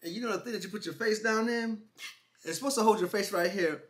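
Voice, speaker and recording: A man co-hosting a couple's vlog, telling a funny travel story in a casual, animated way and acting out what people said. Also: high-pitched, fast, heavy background noise. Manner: animated, laughing, imitates others in quotes. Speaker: vlog co-host.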